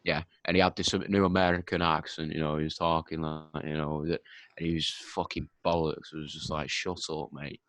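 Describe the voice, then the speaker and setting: A man's voice: extremely low pitch, flat delivery, fairly quick, a bit bright, dry recording. A young man, co-hosting a casual podcast and speaking bluntly, swearing freely as he gives his opinions. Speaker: podcast co-host. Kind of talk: casual chat.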